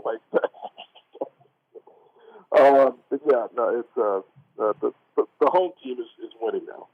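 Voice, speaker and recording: Speaking at medium pitch, a little slowly and with long pauses, this sports radio co-host comes through a tinny phone line. The show is casual, and he rambles with many restarts and "like"s, laughing often.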